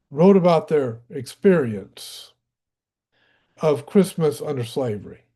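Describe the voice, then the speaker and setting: A man's voice: a little high, warm tone. A man from Tennessee with a Southern US accent, reading a history book aloud and adding casual asides of his own. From Tennessee, USA. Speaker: audiobook reader.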